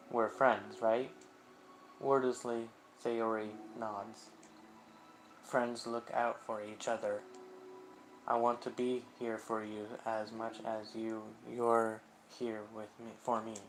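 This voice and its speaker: A man's voice: lowish voice, level tone, slow pace, long pauses, slight background noise, poor audio. A man reading the lines of a guilt-ridden teenage girl who leads a school club, in an earnest, self-blaming tone.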